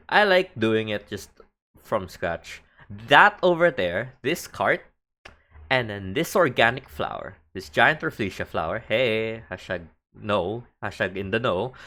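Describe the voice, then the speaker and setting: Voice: mid-range voice, fairly bright tone. Giggly streamer with a Filipino accent. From Philippines. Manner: giggly, thinking aloud. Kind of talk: casual livestream commentary while building in a game.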